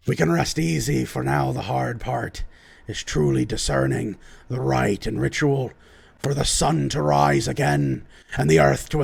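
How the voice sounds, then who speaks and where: A man's voice: gravelly, breathy edge, no echo, studio quality, exaggerated voice. A man voicing a proud, commanding middle-aged male dwarf lord who speaks grandly in a tabletop game. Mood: rousing. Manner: pompous, booming and grand.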